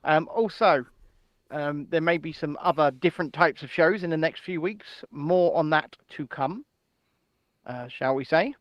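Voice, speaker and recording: A man co-hosting an irreverent news chat show, loud, jokey and swearing. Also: on the high side, measured pace, no echo, muffled recording. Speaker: podcast co-host.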